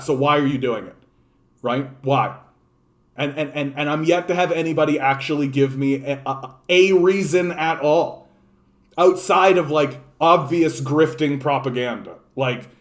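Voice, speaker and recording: Angry profane ranting man. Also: on the high side. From Canada. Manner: angry, profane, sarcastic, repeats himself. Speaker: political commentator. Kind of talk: ranting political monologue.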